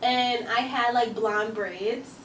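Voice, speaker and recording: Higher-voiced woman co-host, lively storyteller, roomy distant recording. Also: slow. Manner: animated storyteller, acts out quotes. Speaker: podcast co-host. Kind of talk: casual chat. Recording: roomy, distant mic with faint noise.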